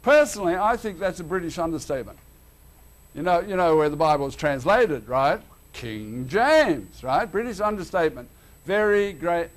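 An Australian man delivers a sermon in a fairly high voice. He speaks animatedly, drops low and quiet, then bursts out loud and emphatic. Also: normal speed. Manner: animated, swings between loud and hushed. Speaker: preacher.

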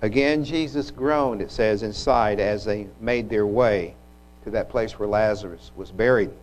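A man preaching a sermon, retelling scripture in an unhurried, reflective way with occasional restarts. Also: on the low side, a little hiss or hum, rough recording.

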